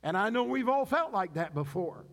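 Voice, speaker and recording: A man preaching a sermon as pastor, with dramatic pauses and acted-out cries. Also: sits high, very animated, fairly bright tone.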